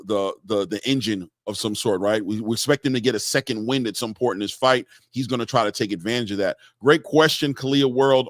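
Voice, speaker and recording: Man, boxing stream host, casual chat, shout-outs to viewers, dry close sound. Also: lowish voice, no room sound. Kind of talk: casual live-stream chat reading comments.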